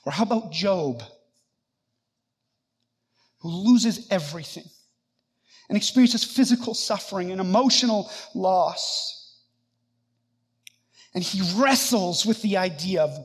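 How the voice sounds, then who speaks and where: A man's voice: sits high, expressive, unhurried, long pauses, husky. A man preaching a sermon, earnest and conversational, acting out scripture passages with feeling. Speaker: pastor.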